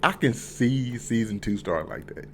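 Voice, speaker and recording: A young man giving a casual, profanity-laced review of a TV episode, swinging from low mumbling to loud excited outbursts. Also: normal speed, slight background noise. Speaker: TV show reviewer.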